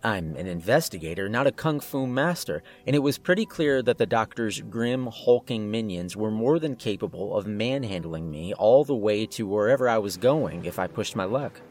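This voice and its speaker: A man's voice: on the low side, animated, moderate pace, hardly any pauses. A man narrating a first-person horror story in a tense, scripted way.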